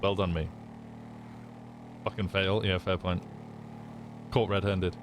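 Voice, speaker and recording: A man's voice: low-pitched, little pitch movement, slow pace, noisy background. A young man from England with a Midlands accent, chatting casually and swearing with his stream viewers. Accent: Midlands English. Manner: chatty, swearing, stumbling over words.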